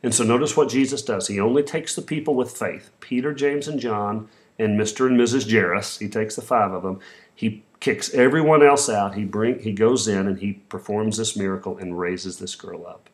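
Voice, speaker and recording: A man's voice: lowish voice, normal speed. A man preaching a sermon, retelling the story in his own words with voiced quotes and a few restarts. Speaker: pastor.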